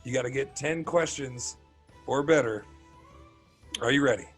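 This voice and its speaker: A man hosting a casual podcast quiz game, firing off quick questions and laughing often. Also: mid-range voice, husky, faint music behind.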